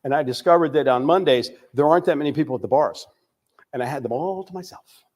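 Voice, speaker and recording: A man's voice: on the high side, quick pace, darkish tone. Older man sharing his recovery story. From United States. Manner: candid, storytelling, many "um"s. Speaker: recovery speaker. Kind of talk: recovery testimony talk.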